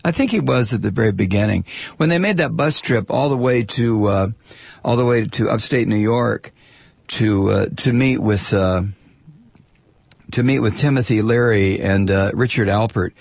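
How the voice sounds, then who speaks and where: A man's voice: on the low side, normal speed, gravelly, no room sound. A man hosting political talk radio, sardonically reading listener mail aloud and drifting into rambling asides. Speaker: radio talk show host.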